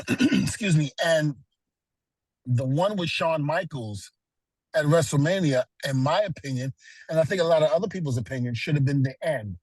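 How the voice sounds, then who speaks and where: A middle-aged man talks as an interview guest, relating personal stories earnestly and peppering them with "you know." His voice sits a little high for a man. The sound is dry and close. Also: normal speed, pauses often, darkish tone, husky, no echo, low-quality recording. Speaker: guest, retired pro wrestler. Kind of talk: casual interview.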